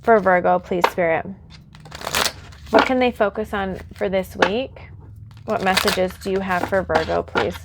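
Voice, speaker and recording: A woman's voice: mid-range voice, measured pace, gravelly, very noisy. A woman reading tarot cards for her viewers. She speaks earnestly and reassuringly, addressing the viewer directly, and is close to tears. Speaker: tarot reader.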